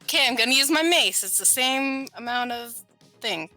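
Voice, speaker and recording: Bright-voiced woman playing a tabletop game. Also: high voice, animated, moderate pace, soft background music, low-quality recording. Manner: chatty, giggly, loses track mid-sentence. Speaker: player. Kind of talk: casual tabletop play.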